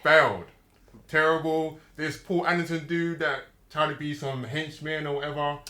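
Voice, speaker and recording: A man's voice: a little high, level tone, normal speed, bright, forceful tone. A young man, giving blunt, dismissive views in a casual movie review chat. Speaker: podcast co-host. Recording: roomy echo.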